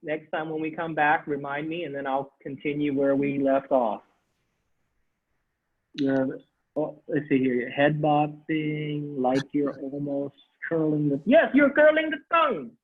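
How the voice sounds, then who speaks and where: A man teaching a Sanskrit class online, animated, repeating phrases and laughing as he explains. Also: fairly high pitch, unhurried. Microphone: video call. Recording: tinny video-call audio.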